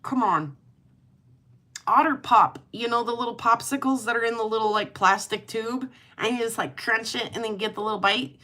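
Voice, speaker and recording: Middle-aged woman host with a slightly high voice, chatting in a loose, giggly way. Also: normal speed, bright, forceful tone. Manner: chatty and rambling, laughs often. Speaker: livestream host. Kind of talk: casual chat.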